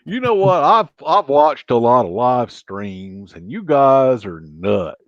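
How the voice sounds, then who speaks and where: Speaking slowly in a very animated mid-range voice, this man runs a laid-back late-night stream through a laptop microphone. He cracks jokes while reading viewer comments and counts aloud. There's no echo, just a dry, dull, lo-fi quality.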